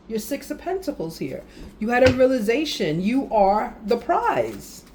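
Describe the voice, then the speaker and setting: A woman giving a casual tarot reading, animated and speaking directly to the viewer with frequent affirmations. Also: mid-range voice, slight background noise. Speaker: tarot reader.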